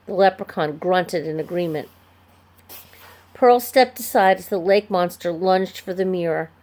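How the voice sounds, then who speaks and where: A woman narrating a children's chapter book aloud in an expressive storytelling manner. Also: lowish voice, unhurried. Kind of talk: scripted narration.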